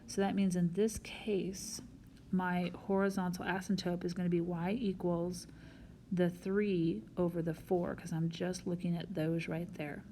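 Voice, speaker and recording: Patient woman teaching algebra, low mellow voice. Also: little pitch movement, measured pace, slight background noise. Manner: patient, explains step by step. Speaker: math teacher. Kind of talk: recorded whiteboard math lesson.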